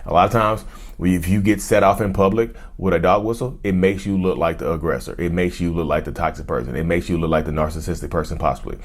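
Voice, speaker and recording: Low-pitched man host, animated casual talk to camera, repeats phrases. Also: quick pace. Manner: animated, repetitive, addresses viewers as y'all.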